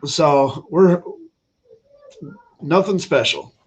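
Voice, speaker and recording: A man's voice: a little high, drawn-out words. A man hosting a casual political livestream, talking bluntly and opinionated, rambling with frequent restarts. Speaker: livestream host.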